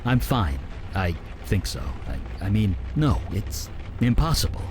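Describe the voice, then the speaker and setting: An actor playing a shaken, evasive man in a video game, halting and stammering. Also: on the low side, sing-song, background noise. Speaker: game companion character.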